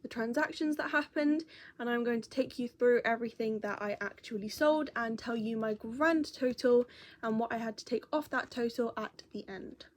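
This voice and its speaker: A woman's voice: fairly high pitch, normal speed. A young woman chatting casually as a crochet vlogger, rambling and correcting herself as she goes. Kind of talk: casual chat.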